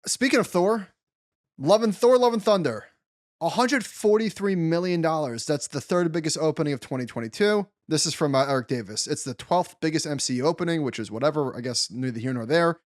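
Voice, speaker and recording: A man's voice: a little high, a little fast, no room sound, studio quality. A man co-hosting a podcast, talking bluntly and emphatically in casual chat, with easy swearing. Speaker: podcast co-host.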